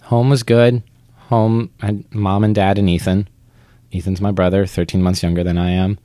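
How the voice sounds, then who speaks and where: A young man from Vermont with a very low voice talks about his life in an interview. He is chatty and self-deprecating and often restarts his sentences. The recording is dry and close, with little room sound. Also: level tone, moderate pace, dark tone, dry recording. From Vermont, United States. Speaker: interviewee, theater actor. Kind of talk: conversational interview.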